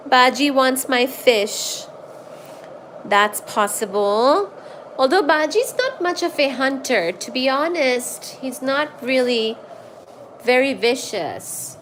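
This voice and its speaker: Woman host for a relaxed home stream: high-pitched, slow and easy, chatty, slips into baby talk for her cat. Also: slight background noise. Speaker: livestream host reading chat. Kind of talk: casual livestream chat.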